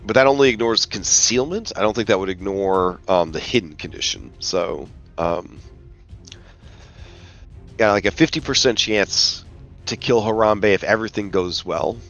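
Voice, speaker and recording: A low-pitched man runs a tabletop game over voice chat, rambling and casual with plenty of fillers. The recording sounds muffled and lo-fi, with faint music playing underneath. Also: animated, normal speed, fairly bright tone. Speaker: game master.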